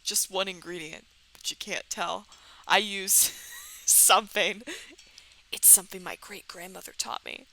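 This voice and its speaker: A woman's voice: medium pitch, fairly even intonation, unhurried, bright, forceful tone, low-quality recording. A woman voicing a boastful older male chicken chef in a dating game, reading his lines in a hammy, mock-dramatic way. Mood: sly.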